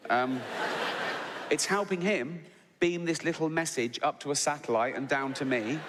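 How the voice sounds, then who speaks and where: A man's voice: a little high, moderate pace. A man doing live stand-up comedy on a theatre stage, mocking and swearing freely in a sardonic tone. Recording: echoey hall, loud audience noise.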